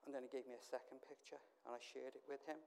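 A man's voice: mid-range voice, steady tone, quick pace, creaky, a little mellow, slight background noise. A man, a pastor, telling stories in a sermon. He acts out the dialogue and drops in self-mocking asides. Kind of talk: storytelling sermon.

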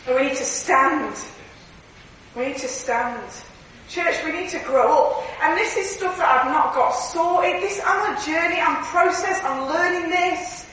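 A woman preaching a sermon in a church, earnest and lively, often laughing through her stories. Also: high-pitched, a little slow, a little hiss or hum. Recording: echoey hall from far off, faint ambience.

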